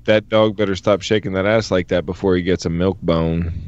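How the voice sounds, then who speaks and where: A man's voice: low voice, steady tone, a little mellow, clear, resonant tone, muffled recording. A man co-hosting a comedy podcast, joking crudely and teasing his co-hosts. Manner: crude, joking, quick asides. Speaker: podcast co-host. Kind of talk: casual comedy podcast banter.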